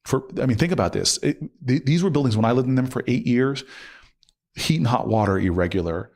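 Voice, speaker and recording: A middle-aged man, a guest on an interview show, telling a long personal story in an animated way and acting out what people said. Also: medium pitch, fairly quick. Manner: animated, acts out quotes with laughs. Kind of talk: conversational storytelling.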